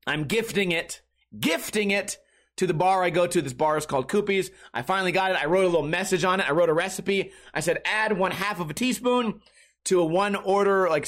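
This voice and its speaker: A man's voice: sits high, fairly bright tone. A young man hosting a comedy podcast alone, rambling in a crude, casual way with many restarts. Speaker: podcast host.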